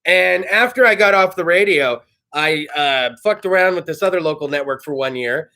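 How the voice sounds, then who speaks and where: Rambling, profane, high gravelly man. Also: normal speed, sharp tone. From California. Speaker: host. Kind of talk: casual monologue. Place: studio.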